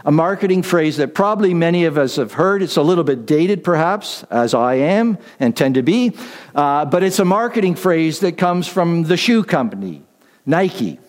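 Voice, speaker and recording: A man delivers a sermon from the pulpit, leaning on repetition and drawing out key lines for emphasis. His voice sits a little high for a man. The sound carries a long reverb from the hall around him. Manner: deliberate, repetitive emphasis with slowed key phrases; self-deprecating asides. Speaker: pastor.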